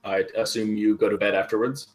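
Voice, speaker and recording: A man running a tabletop role-playing game as game master, talking slowly with many ums and pauses. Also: fairly low pitch, steady tone. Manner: slow, hesitant, many ums and uhs. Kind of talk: narrating a tabletop game over voice chat.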